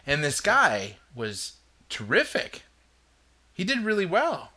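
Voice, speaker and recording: A man's voice: a little high, wildly swooping pitch, slow pace, bright, forceful tone. A man hosting a show, rambling casually as he tells a story. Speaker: podcast host. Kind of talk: casual chat.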